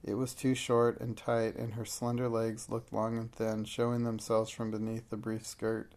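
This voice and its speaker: Male storybook narrator; gravelly, level, unhurried read. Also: on the low side, monotone, a little mellow. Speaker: audiobook narrator. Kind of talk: scripted narration.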